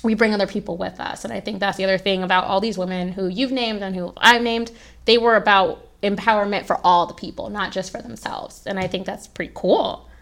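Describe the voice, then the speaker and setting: A woman's voice: medium pitch, fairly even intonation, fairly quick, gravelly, fairly bright tone. A woman podcast co-host talking in casual chat, encouraging her partner with short affirmations. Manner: encouraging listener, brief affirmations.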